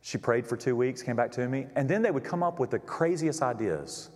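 A man's voice: mid-range voice, expressive, a little fast, a little mellow. A male pastor preaching a storytelling sermon from a church stage, folksy and chatty, with frequent restarts. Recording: echoey church hall.

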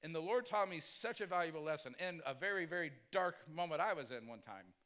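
A pastor delivers a sermon in a somewhat high, bright voice. He talks conversationally, weaving in personal stories. He checks in with the congregation with a frequent "Amen?". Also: expressive, quick pace, highs cut off. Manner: punctuates points with "Amen?".

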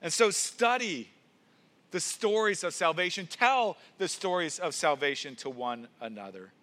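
A man's voice: fairly high pitch, lively intonation, unhurried, bright, forceful tone. A man preaching a sermon in an earnest style, stressing points and often repeating words as he builds emphasis. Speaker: pastor.

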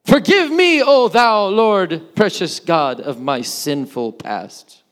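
Man doing a pompous churchy prayer voice, slow, loud, solemn, old-fashioned, fairly high. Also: animated, full character voice.

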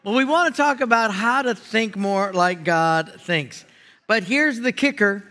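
A male guest pastor preaching with a high, bright voice. He is folksy and jokes with his listeners, moving between playful asides and teaching. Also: measured pace. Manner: folksy, joking, animated. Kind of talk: sermon.

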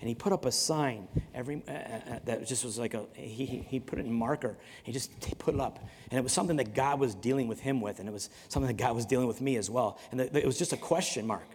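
A man's voice: medium pitch, fast, hardly any pauses, darkish tone, slight background noise. A man preaching a sermon in a conversational way, often repeating words and acting out stories. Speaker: pastor. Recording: long hall reverb.

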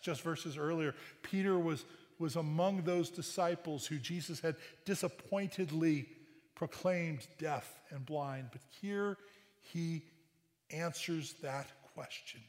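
A man preaching in a church, his fairly high voice trailing into a long reverb. He drives his points home with loud emphatic bursts and keeps asking the congregation "right?". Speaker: pastor. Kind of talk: sermon. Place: church sanctuary.

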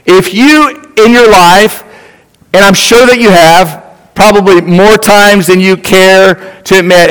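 A man's voice: fairly high pitch, a bit bright, in a large hall, rough recording. A middle-aged man preaching a sermon. He tells a personal story in a conversational way and speaks directly to the congregation. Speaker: pastor.

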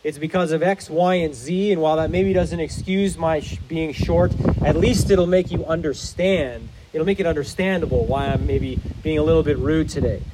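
A man's voice: a little high, normal speed, few pauses, noisy background. A man preaching a sermon as pastor, in an earnest, explanatory manner.

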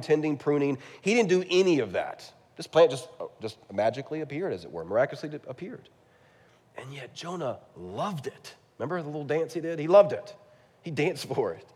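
A man preaching a sermon as a pastor, animated, with big swings between loud and soft. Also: normal speed. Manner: animated preaching with wide swings in pitch and loudness. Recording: long hall reverb.

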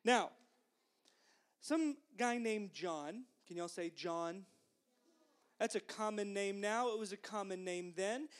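A woman giving a children's sermon, gently encouraging the children and asking them to repeat phrases after her. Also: mid-range voice. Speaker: children's minister.

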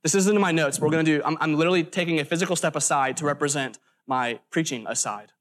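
A man's voice: fairly high pitch, fast talker, fairly bright tone. A man preaching a sermon in an earnest, emphatic way, stressing lists of words and breaking off for brief asides. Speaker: pastor.

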